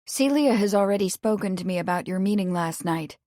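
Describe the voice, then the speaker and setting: A woman voicing a lady sleuth who speaks gently and practically. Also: medium pitch, expressive, brisk, no room sound, studio quality, lightly acted. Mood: gentle.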